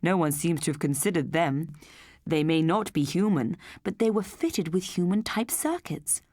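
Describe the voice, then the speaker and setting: A woman voicing a kindly, thoughtful husband who speaks slowly. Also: on the low side, expressive, darkish tone, no room sound, clean studio sound. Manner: slow and thoughtful. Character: thoughtful kindly husband, middle-aged man.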